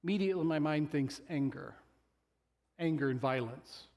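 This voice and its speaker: High-voiced pastor, joking and conversational. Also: male voice, normal speed, a little mellow. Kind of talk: sermon. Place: church sanctuary.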